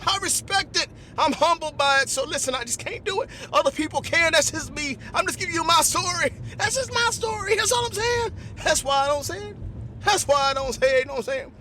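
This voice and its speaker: A man hosting a podcast, telling comic stories in an animated, repetitive way. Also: extremely high pitch, brisk, a little hiss or hum. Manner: animated, repetitive, lots of "listen" and "you know what I'm saying". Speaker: podcast host. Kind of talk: comedic storytelling monologue.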